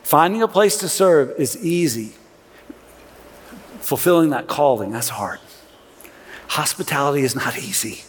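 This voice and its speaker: A middle-aged male pastor preaching in a big church, his voice a touch higher than most men's. He talks to the congregation casually, with dry sarcastic asides and stumbling restarts. His words ring out with a long hall reverb. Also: unhurried, long pauses, a little hiss or hum. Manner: conversational and animated, with sarcastic asides and frequent restarts. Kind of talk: sermon. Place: large church sanctuary.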